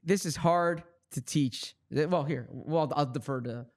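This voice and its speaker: A man's voice: fairly high pitch, unhurried. A man co-hosting a live draft show, talking eagerly about players he likes. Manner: enthusiastic, repeats himself. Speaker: co-host. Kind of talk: casual sports chat.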